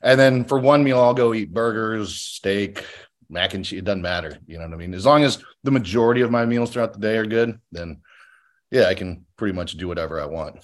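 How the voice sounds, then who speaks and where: A man's voice: on the low side, brisk. A man in his thirties, a guest in a casual podcast chat, talking bluntly and swearing freely.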